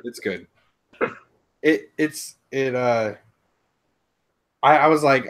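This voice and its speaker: A man's voice: medium pitch, slow pace, long pauses. A man co-hosting a casual live chat, playful and sarcastic, chuckling as he talks. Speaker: podcast co-host.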